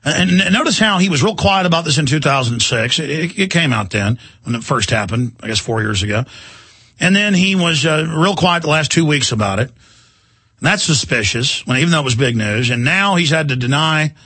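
A man's voice: medium pitch, animated, moderate pace, sharp tone, husky, no echo. A man hosting a talk radio show, rambling and indignant in an emphatic monologue from a studio.

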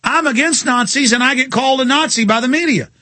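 A man hosting a talk radio show, ranting in a heated, mocking, combative way and swinging his pitch for effect. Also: quick pace, pushed and bright, dry recording. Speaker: radio host. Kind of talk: heated on-air rant.

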